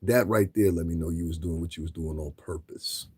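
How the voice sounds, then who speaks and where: A man's voice: low voice, fairly quick, mellow, breathy edge. A man commentating on a livestream in a blunt, profane, lecturing rant.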